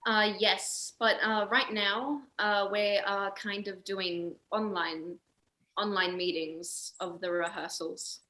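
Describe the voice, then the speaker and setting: A woman's voice: medium pitch, steady tone, slow, bright, forceful tone. A teenage Australian girl answering interview questions over a video call, hesitant with many ums and little laughs. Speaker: guest, young singer.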